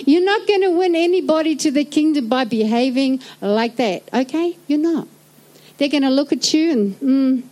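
High-voiced New Zealand woman preaching. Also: normal speed, rough recording. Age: middle-aged. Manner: animated, jokey, acts out little scenes. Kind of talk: lively sermon.

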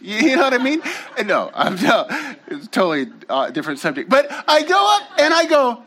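A man preaching a sermon in an unusually high voice that swoops up and down. He talks in a loose, casual way, drifts into side stories, and often turns to speak straight to his listeners. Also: normal speed, slight background noise. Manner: animated, casual storytelling with slangy asides to the audience. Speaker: pastor.

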